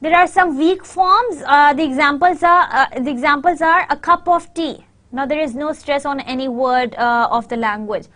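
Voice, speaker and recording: A woman giving a university lecture, whose first language is Urdu, often pausing with fillers and reading out example sentences slowly. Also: high-pitched, fairly bright tone.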